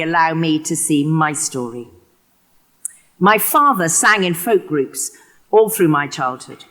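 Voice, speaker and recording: Expressive English woman giving a lecture. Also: lowish voice. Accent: West Country English. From England. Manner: expressive, acts out quotations. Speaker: keynote speaker. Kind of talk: prepared lecture.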